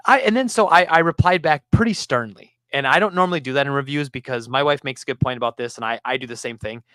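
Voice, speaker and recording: A man hosting a casual podcast, telling a story about his game store with lively acted-out quotes. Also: mid-range voice, quick pace, smooth, dry recording, clean studio sound. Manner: animated storyteller, acts out customers.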